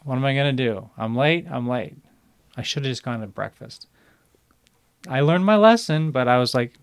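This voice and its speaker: Co-host guy with a smooth clean voice, chatty and relaxed, dry room. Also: medium pitch, dry recording. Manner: chatty, relaxed, retells scenes with quoted dialogue. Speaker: podcast co-host. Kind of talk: casual storytelling chat.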